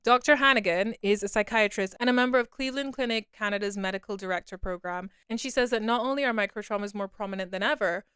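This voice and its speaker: Young woman podcasting solo, smooth clear voice, super dry close mic, candid and confessional. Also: medium pitch, quick pace, hardly any pauses, fairly bright tone, dry recording. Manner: candid, confessional, repeats herself. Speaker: podcast host. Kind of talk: personal podcast monologue.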